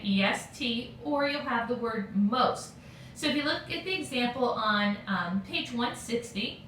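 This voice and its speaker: Woman teacher going over a lesson, lots of okays, kinda high voice, echoey room w faint hum behind. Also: fairly bright tone, far from the mic. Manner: patient, checks in with frequent okays. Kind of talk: recorded grammar lesson for students.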